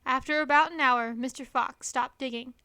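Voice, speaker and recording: A woman reading a children's storybook aloud in an expressive, lively manner. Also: high voice, normal speed, clean tone, no echo. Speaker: storybook reader.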